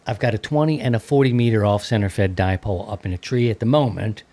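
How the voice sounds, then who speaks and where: Easygoing low-voiced male podcast host. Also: fast talker, gravelly, mellow. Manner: rambling, easygoing, many fillers. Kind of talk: casual ham radio chat.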